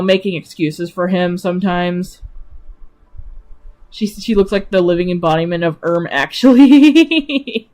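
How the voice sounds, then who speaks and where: A woman streamer chatting casually about her own characters, rambling with lots of fillers and giggling often. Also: fairly low pitch.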